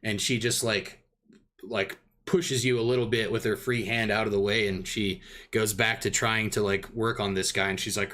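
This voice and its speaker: A man's voice: fairly low pitch, level tone, normal speed, sharp tone. A man running a tabletop game as dungeon master, narrating in a rambling way with many fillers.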